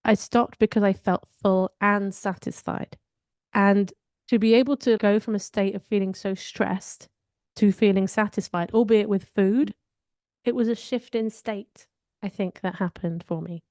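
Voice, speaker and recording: A woman's voice: mid-range voice, fairly even intonation, unhurried, darkish tone, dry recording, clean studio sound. A woman co-hosting a podcast, telling personal stories in a candid, reflective way during a casual chat. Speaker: podcast co-host.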